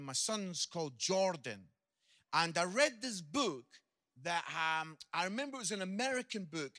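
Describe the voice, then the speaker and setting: High, bright Scottish preacher man. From Scotland. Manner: jokey, animated, lively anecdotes. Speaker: visiting preacher and comedian. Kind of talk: humorous sermon storytelling.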